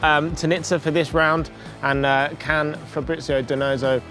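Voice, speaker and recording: A man's voice: on the high side, level tone, normal speed, fairly bright tone, soft background music. A man giving casual analysis as a pundit, hesitant and full of fillers.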